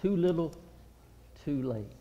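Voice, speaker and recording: A man preaching an impassioned, pleading sermon, with a high voice and slow, deliberate delivery. He swings between loud outcries and hushed, low passages. The sound is dull and lo-fi, with long reverb from a church hall. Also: animated.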